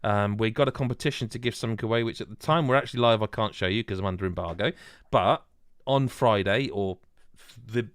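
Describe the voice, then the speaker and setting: A man's voice: on the low side, quick pace, hardly any pauses, clean tone, dry recording. A man hosting a casual gaming podcast, rambling and joking with lots of restarts. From Wales. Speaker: podcast host. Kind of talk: casual chat.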